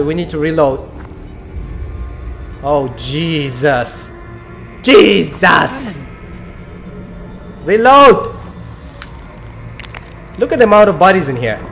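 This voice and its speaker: A young man playing a horror game, talking to himself and his viewers, jumpy and swearing. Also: high-pitched. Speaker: gamer.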